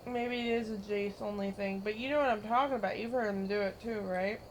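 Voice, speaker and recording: A woman streaming a game, chatting casually, giggling and teasing, breaking into loud mimicking bursts. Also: medium pitch, steady tone, fairly quick, slight background noise.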